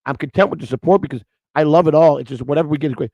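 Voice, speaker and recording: A man's voice: fairly high pitch, racing, dark tone, dry recording, lo-fi sound. A man hosting a live-stream morning show, rambling in unscripted chat, blunt and crude, restarting his words again and again.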